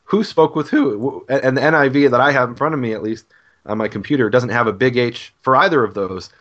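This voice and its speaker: Man, teacherly, explains hebrew grammar, mid pitch, muffled lo-fi audio. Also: a little fast, a bit bright. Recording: dull lo-fi sound.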